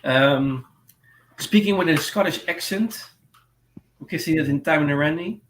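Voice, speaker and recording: A Dutch-speaking host hesitates through a casual livestream chat, using many fillers and reading from notes. His voice is a little high and fairly bright, at a measured pace, recorded in an echoey room with faint noise.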